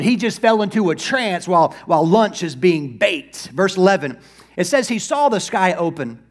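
A male pastor preaching a sermon, lively, acting out Bible figures in quick asides. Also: sits high.

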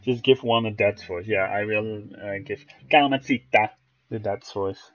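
A man's voice: on the low side, a little slow, muffled recording. A man streaming a game, chatting and teasing friends in casual commentary. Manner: joking, teasing banter.

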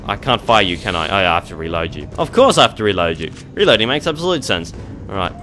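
A young man giving jokey, excitable gameplay commentary, talking back to the monsters on screen. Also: on the low side, fast talker, a little hiss or hum. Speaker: let's play gamer.

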